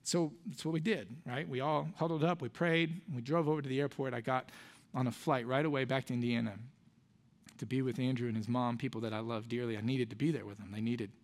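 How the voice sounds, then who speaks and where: An earnest pastor delivers a sermon in a church. His voice sits in a middle pitch, and he tells stories conversationally, often dropping to soft, quiet lines. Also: fairly even intonation, a little fast. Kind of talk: sermon with personal story. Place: church sanctuary.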